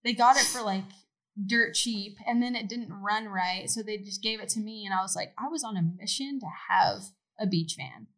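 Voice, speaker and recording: A woman's voice: medium pitch, normal speed, rough recording. Chatty woman telling stories with laughs. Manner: animated storytelling, laughs often, swears. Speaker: podcast guest. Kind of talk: casual chat.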